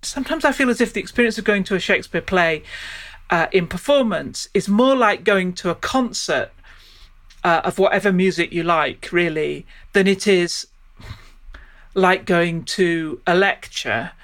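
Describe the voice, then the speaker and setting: In an interview, a professor of Shakespeare studies thinks aloud, frequently stopping to rephrase from the beginning. She has a fairly low, slightly bright voice and keeps a moderate pace.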